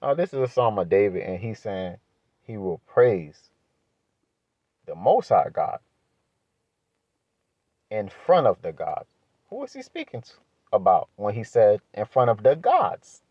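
A man teaching from the Bible in a preaching style, asking rhetorical questions and building to emphatic high-pitched points. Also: sing-song, a little slow, long pauses, no echo, muffled recording. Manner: emphatic, rises sharply in pitch when pressing a point; asks rhetorical questions, adds "right?".

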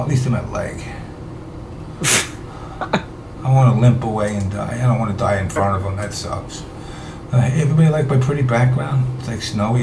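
A man runs a casual online talk show, drifting from topic to topic and dropping swear words without a second thought. His voice carries a roomy echo, and a constant background noise hums beneath it. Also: mid-range voice. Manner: profane, rambling, offhand. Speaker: show host.

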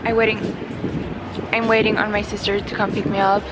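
A woman's voice: medium pitch, level tone, fairly quick, very noisy. Chatty teenage girl vlogging. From Norway. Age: teens. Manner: rambling, chatty, lots of "like" and restarts. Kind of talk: casual vlog chat. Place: in a car.

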